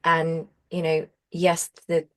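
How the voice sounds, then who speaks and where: A woman hosting a casual chat with a fellow voice actor, chatty and asking quick questions. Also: low-pitched, monotone. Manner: chatty, asks quick questions, laughs easily. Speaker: voice actor and host. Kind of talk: casual conversation.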